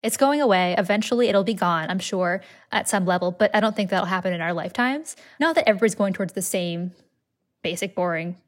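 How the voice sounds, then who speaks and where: A woman's voice: mid-range voice, quick pace. A woman interviewed as a linguist, explaining casually in a chatty way with lots of "like" fillers.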